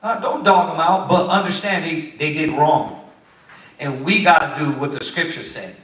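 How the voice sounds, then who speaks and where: Animated preaching man in an echoey room. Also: a little high, moderate pace. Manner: animated, preachy, acts out quotes of kids and parents. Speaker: Bible study teacher. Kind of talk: sermon-style teaching. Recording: echoey room, far from the mic.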